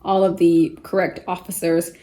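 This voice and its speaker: Gentle woman teacher in an echoey room. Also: fairly low pitch, flat delivery, normal speed. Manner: patient, spells words out letter by letter; gentle and encouraging, with frequent fillers. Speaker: homeschool teacher. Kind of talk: vocabulary lesson for children.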